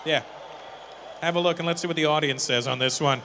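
Live on stage, a male stand-up comedian does crowd work, teasing audience members with quick, profane banter. His voice is fairly high, with background noise in the recording.

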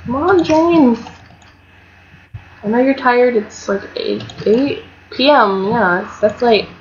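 A young woman narrates her life-sim play in a casual, talkative way, jumping from mock fury to excited squeals. Her voice sits a little high. The recording is muffled and lo-fi with a light hiss underneath. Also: takes it slowly. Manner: chatty and excitable, swinging between mock outrage and squeals. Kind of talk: casual gameplay commentary. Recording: dull lo-fi home mic with faint hiss.

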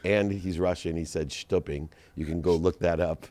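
A middle-aged man, a guest entrepreneur, telling stories in a casual podcast conversation and slowing down to stress advice. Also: low voice, fairly even intonation, darkish tone. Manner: storytelling, slows down to stress advice.

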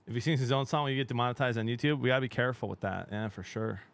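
A middle-aged man streaming games, chatting casually with his viewers. He talks in a chatty, excitable way, laughs often and trails off mid-sentence. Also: mid-range voice, very fast, gravelly. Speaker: game streamer. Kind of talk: casual live-stream chat.

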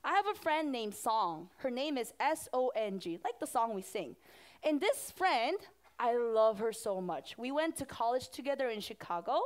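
High-voiced woman pastor talking to kids. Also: moderate pace. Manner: animated, asks the children questions. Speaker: children's pastor. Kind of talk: children's sermon.

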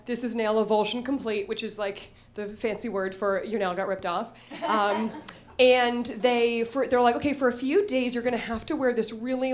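Woman, young adult, stand-up storyteller, high voice, animated, self-mocking. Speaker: stand-up comedian. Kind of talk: live comedic storytelling.

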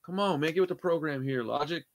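A man hosting a music reaction channel, talking casually in a profane, excitable, slangy way. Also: fairly high pitch, fast talker, no room sound.

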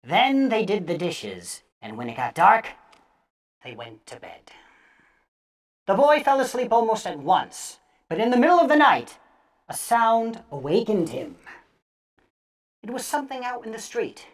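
A woman storyteller reading scary stories aloud theatrically, dropping to hushes and bursting out loud. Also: mid-range voice, very animated, measured pace, pauses often.

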